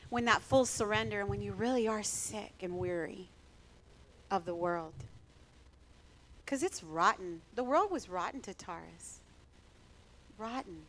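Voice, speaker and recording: A woman pastor talking casually in church, animated and emphatic, often laughing. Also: medium pitch, unhurried, pauses often, slight background noise.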